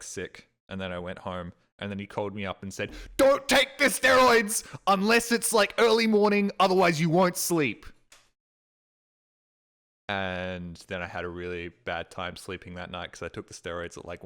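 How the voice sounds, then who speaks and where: A young man streaming games at home, rambling through crude stories and deadpan jokes into a desk mic. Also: deep voice. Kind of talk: casual gaming stream chat.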